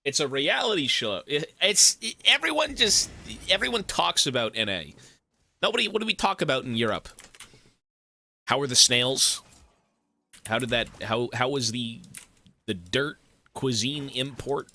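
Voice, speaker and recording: A man's voice: mid-range voice, sing-song, measured pace, pushed and bright. A man from Canada streaming a game, chatting casually in a rambling, profane, joking way. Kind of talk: casual chat while gaming.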